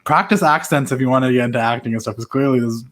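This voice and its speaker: Canadian guy hosting, talks super fast, gets excited and laughs. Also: mid-range voice. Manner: excitable, laughing, rambling asides. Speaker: podcast host. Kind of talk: casual interview chat.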